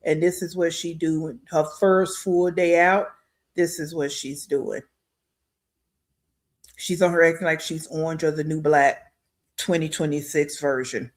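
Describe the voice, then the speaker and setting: Blunt scornful reaction host. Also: male voice, fairly high pitch. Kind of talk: reaction commentary.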